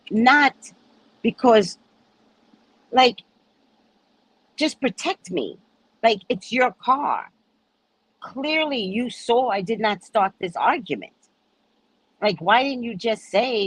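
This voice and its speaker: A woman host telling her viewers a story in a casual, animated way, cursing freely and acting out what people said. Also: low voice, a little slow, long pauses, slightly rough, low-quality recording. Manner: animated, profane, acts out quoted people. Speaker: psychic reader and host.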